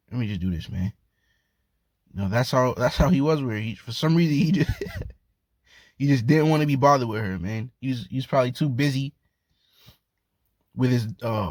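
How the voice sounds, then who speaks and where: A man's voice: medium pitch, no room sound. A man teaching from the Bible in a loose, casual street-talk way, often chuckling and tacking "man" onto his sentences. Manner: loose and slangy, repeats "man", laughs often.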